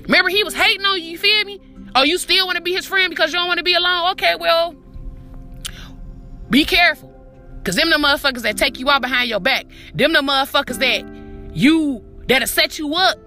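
High, bright-voiced woman preaching profanely. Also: brisk, faint music behind. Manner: profane, preachy, calls listener "my baby"; repetitive, emphatic street talk. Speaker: podcast host. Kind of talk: motivational monologue.

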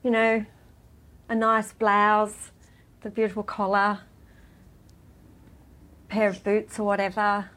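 A middle-aged woman, a podcast guest, telling her story in a heartfelt, halting way with frequent restarts. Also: mid-range voice, monotone, fairly bright tone. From Australia. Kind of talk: emotional personal interview.

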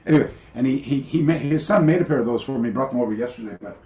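An older man, a karate master, telling stories as an interview guest over a video call, animated and rambling, with many fillers and restarts. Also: medium pitch, racing, roomy sound. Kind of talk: casual storytelling interview.

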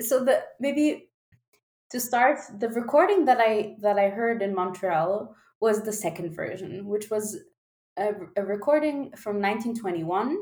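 A young woman, a singer and activist, talking about her work in a podcast interview, animated, laughing often and restarting her sentences. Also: medium pitch. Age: young adult. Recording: roomy echo.

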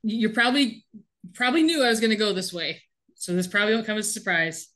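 A woman's voice: mid-range voice, fast. A woman co-hosting a podcast, casually recapping a TV episode and laughing often as she talks. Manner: animated, laughs often while telling. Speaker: podcast co-host. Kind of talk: casual chat recapping a TV show.

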